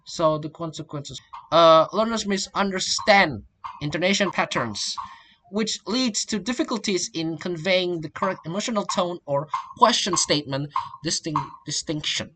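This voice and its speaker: A young man, a student giving a class presentation, halting and often restarting his phrases. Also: sits high, bright, forceful tone, slight background noise. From Indonesia. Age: young adult. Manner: halting, repeats and restarts phrases, links points with "and then".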